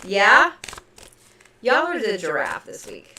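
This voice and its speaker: A woman from Oklahoma with a slight Oklahoma accent, giving a chatty, playful zodiac reading on a live stream, swinging between loud and soft. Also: mid-range voice, lively intonation, measured pace, a little hiss or hum. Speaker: tarot and zodiac reader. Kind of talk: casual livestream reading.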